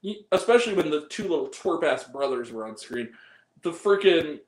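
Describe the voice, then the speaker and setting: A man's voice: on the high side, very animated, moderate pace, reverberant, poor audio. A man hosting a casual movie talk, ranting with profanity and mocking with put-on voices. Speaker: podcast host.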